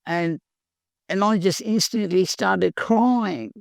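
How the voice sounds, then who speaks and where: An older woman from Perth with an Australian accent, telling her recovery story in a halting, earnest way, full of pauses. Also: mid-range voice, creaky, no echo, studio quality. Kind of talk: personal recovery testimony.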